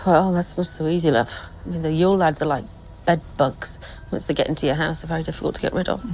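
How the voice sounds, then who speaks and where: An actress in a TV series speaking in a dry, matter-of-fact way. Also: female voice, sits low, fast, poor audio. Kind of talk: scripted TV dialogue. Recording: TV clip with faint noise.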